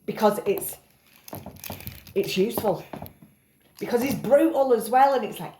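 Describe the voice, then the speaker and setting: A woman's voice: a little high, a little slow, roomy sound, noisy background. A tired woman rambling in a casual vlog, self-mocking and swearing casually. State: tired after a night up. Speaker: vlogger.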